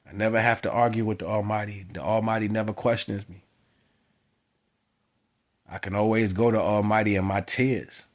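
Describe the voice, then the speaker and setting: A man giving a spiritual monologue to his viewers, moving from quiet musing to loud, emphatic exhortation. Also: fairly low pitch, little pitch movement, normal speed, long pauses. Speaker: spiritual vlogger. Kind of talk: preaching monologue to camera.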